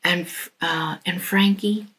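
A woman's voice: lowish voice, steady tone, slow pace, fairly bright tone. A woman telling a children's story in a church, speaking expressively and dropping to a whisper for suspense.

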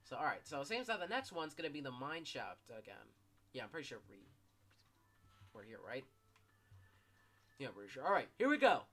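Man swearing over gameplay, wildly lively. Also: mid-range voice, brisk, pauses often. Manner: swearing, yelling in bursts. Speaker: gameplay streamer. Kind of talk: casual gameplay commentary.

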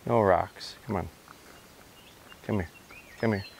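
A man explaining his dog training step by step, giving short sit and come commands between calm remarks, recorded outdoors in the countryside. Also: lowish voice, takes it slowly, creaky, slight background noise. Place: outdoors in a rural field.

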